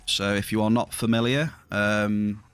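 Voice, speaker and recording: A man's voice: on the low side, level tone, unhurried, a bit bright, clean tone. A middle-aged man chatting casually to viewers during a livestream, rambling, his voice slightly strained. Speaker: livestreaming gamer.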